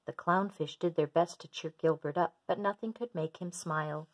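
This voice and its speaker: A woman gently reading a children's storybook aloud in a steady storyteller voice. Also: lowish voice, moderate pace.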